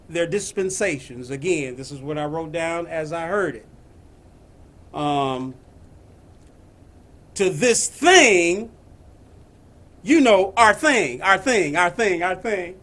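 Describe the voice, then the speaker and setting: A man giving a spiritual message, slow and emphatic, repeating his phrases. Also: high voice, a bit bright. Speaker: spiritual teacher.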